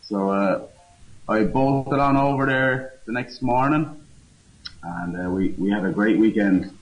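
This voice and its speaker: A man, a guest speaking casually and haltingly with many fillers. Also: on the low side, muffled recording, a crowd in the background. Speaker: guest campaigner. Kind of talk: casual phone interview.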